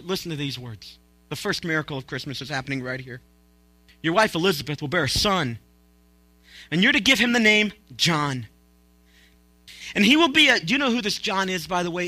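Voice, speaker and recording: A man's voice: high-pitched, bright, forceful tone, no echo. A man preaching a conversational sermon as a pastor, joking and acting out quotes as he goes.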